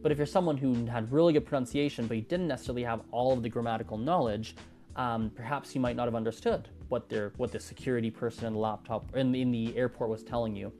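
A man's voice: medium pitch, darkish tone. A man talking through his views on language learning in a loose, thinking-aloud monologue full of restarts and fillers. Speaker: language-learning content creator. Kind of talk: casual monologue.

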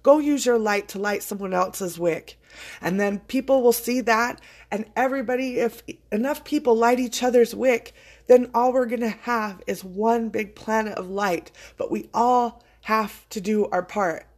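A woman's voice: fairly high pitch, moderate pace, darkish tone. A woman hosting a podcast, talking in a casual, heartfelt motivational monologue, choked up with emotion and swearing freely. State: choking up with emotion. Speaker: podcast host.

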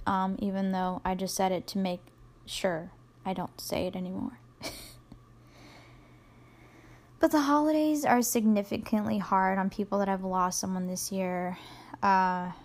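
A woman's voice: mid-range voice, steady tone, unhurried. A young adult woman hosting a solo podcast, rambling casually and self-deprecatingly with plenty of fillers. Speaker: podcast host.

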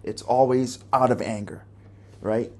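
A man's voice: medium pitch, fairly even intonation, unhurried. Man, young adult, podcast host, personal monologue, profane, candid, rambling.

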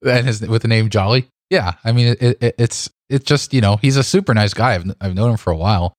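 A man with a fairly low voice, co-hosting a casual podcast chat. He talks in an animated, indignant way and stumbles through restarts. The recording is dry and close. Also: brisk, no echo. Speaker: podcast co-host.

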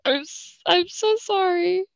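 A woman's voice: very high voice, takes it slowly, gravelly, no echo, highs cut off. A tipsy woman hosting a podcast, reading a story aloud with giggling asides and apologies. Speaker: podcast host. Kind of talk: casual storytelling chat.

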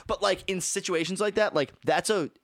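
A man's voice: sits high, normal speed, a bit bright. A man in casual podcast chat who laughs often, agrees eagerly and swears casually. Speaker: podcast co-host.

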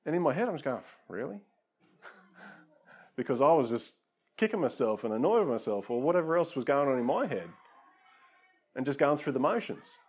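A man's voice: mid-range voice, animated, normal speed, long pauses, darkish tone, slightly rough. Casual self-deprecating male preacher. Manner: casual, self-deprecating, lots of asides to listeners. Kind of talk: conversational sermon.

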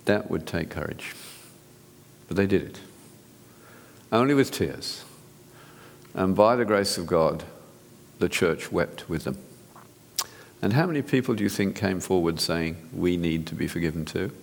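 A man's voice: low voice, measured pace, creaky, long pauses, big-room sound. A man, a physician, giving an earnest, direct sermon-style talk to an audience, often restarting his sentences. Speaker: physician speaker.

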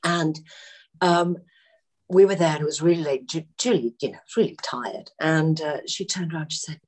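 A woman telling film-set anecdotes in a relaxed interview, often laughing as she talks. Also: low voice, normal speed. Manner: animated, laughing storyteller. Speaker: actress guest.

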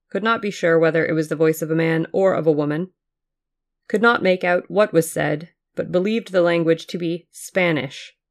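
Gravelly-voiced audiobook narrator. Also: mid-range voice. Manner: measured, even-paced reading of witness testimony. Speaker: podcast reader.

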